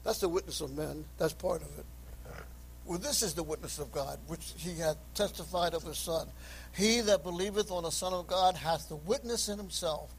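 A man preaches with passion, reading scripture aloud in King James wording and calling out to sinners, his voice rising to high shouts. He keeps a moderate pace. The audio is poor, with a bit of hiss or hum.

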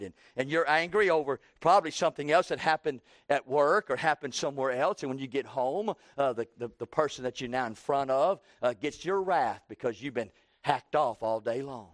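A man in his sixties preaching a sermon, slowing down for emphasis and breaking into loud acted quotes. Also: mid-range voice, expressive, no echo, studio quality.

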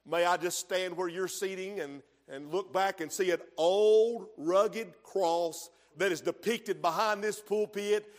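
A man preaching a sermon as pastor, swinging from hushed lines to shouts in a church sanctuary. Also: sits high, a little slow, hardly any pauses. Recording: long hall reverb.

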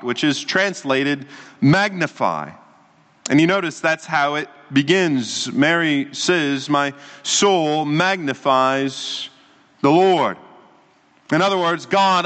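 A man preaching a sermon at a school, slow and deliberate, asking the listeners rhetorical questions. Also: a little high, a bit bright, in a large hall. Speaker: pastor.

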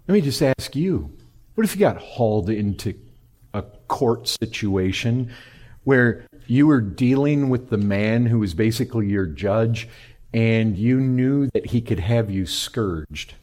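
A man preaching a sermon, animated, swinging between loud high emphasis and quiet low lines. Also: a little slow. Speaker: pastor.

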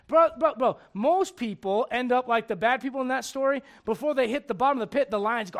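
A pastor with a strikingly high voice gives a storytelling sermon in a conversational, joking style. He speaks quickly with few pauses, moving between hushed, intimate lines and loud, emphatic ones.

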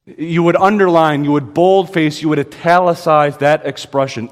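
A male pastor delivering an emphatic sermon, his voice a little higher than most men's. He leans hard on key phrases and slows down to stress quoted verses. His words ring out with a long reverb, as in a church sanctuary. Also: steady tone. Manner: emphatic, with sudden pitch rises and slow stressed quotes.

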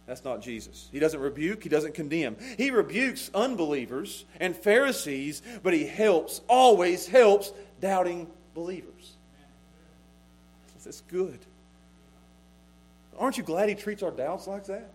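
High-voiced middle-aged man preaching. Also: lively intonation, normal speed. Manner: emphatic preaching that swings between hushed and loud. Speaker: pastor. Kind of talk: sermon.

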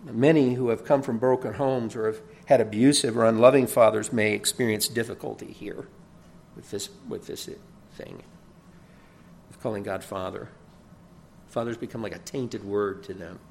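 Pastor guy giving a sermon, gravelly voice, earnest, leans hard on key words. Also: lowish voice, steady tone, moderate pace, a little mellow. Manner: earnest preaching with rising emphasis, occasional chuckles and repeated words.

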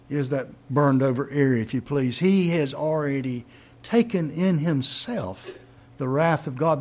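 A man preaching a sermon, teaching in an emphatic way and asking rhetorical questions. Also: on the high side.

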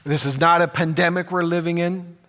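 A man's voice: fairly high pitch, steady tone, a little fast, bright, forceful tone. A man preaching a sermon in an earnest way, repeating phrases for emphasis. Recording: long hall reverb.

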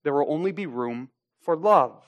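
A pastor preaching a sermon, deliberate and emphatic, slowing down to stress key phrases. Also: male voice, fairly high pitch, expressive.

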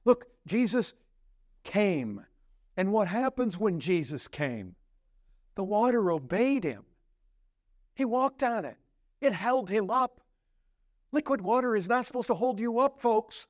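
A male pastor preaching a sermon, asking rhetorical questions and building to emphatic, lively delivery. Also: high-pitched, measured pace, long pauses, dry recording, studio quality.

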